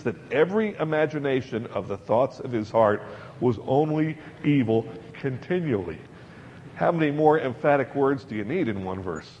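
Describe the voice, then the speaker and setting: A man's voice: mid-range voice, a little mellow, slight background noise. A man preaching a sermon to a congregation in a chatty, emphatic way, repeating words for stress. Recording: dull lo-fi recording in a large hall.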